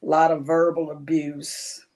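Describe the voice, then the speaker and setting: A woman guest on a talk show speaks slowly, letting her words come haltingly with long pauses between them. her voice sits a little low for a woman. she tells her own story plainly and simply. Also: level tone, darkish tone. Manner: slow, halting, with many pauses. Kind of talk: personal interview testimony.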